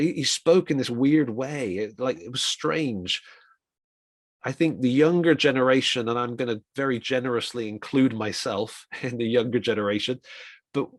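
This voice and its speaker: A middle-aged man giving an informal, reflective talk on communication for ministry, with quick asides. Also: mid-range voice, no room sound, clean studio sound. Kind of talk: conversational talk.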